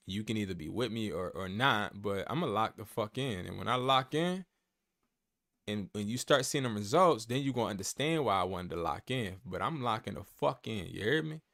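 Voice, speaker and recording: Animated slangy man, dry close sound. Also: lowish voice, dry recording. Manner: animated, slangy, repeats words for emphasis. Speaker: reselling business coach. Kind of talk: casual vlog monologue.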